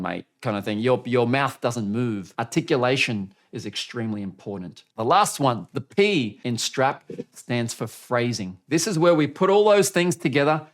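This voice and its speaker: A man teaching on-camera speaking as a coach, energetic and demonstrative, often shifting his loudness, pace and pitch to show what he means. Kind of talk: coaching video lesson.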